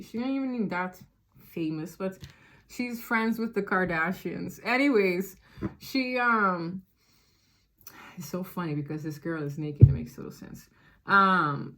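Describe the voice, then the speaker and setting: A woman giving a casual tarot reading straight to her viewers, chatty and rambling, often laughing and restarting her sentences. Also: medium pitch. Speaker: tarot reader.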